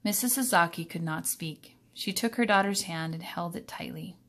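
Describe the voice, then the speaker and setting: A woman reading a children's novel aloud in a calm, even storytelling manner. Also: on the low side, normal speed, creaky. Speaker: reader.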